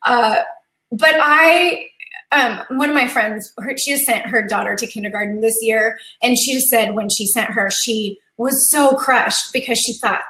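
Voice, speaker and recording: Earnest, chatty woman host, thirties, slightly high-pitched, live-stream chat recorded in a roomy space. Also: measured pace, bright, forceful tone. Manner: chatty and earnest, gets teary, laughs easily. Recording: echoey room.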